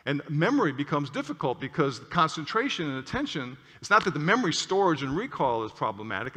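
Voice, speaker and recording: A male clinician giving an animated lecture with stories, often checking in with "okay?". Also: mid-range voice. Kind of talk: lecture with storytelling. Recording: long hall reverb.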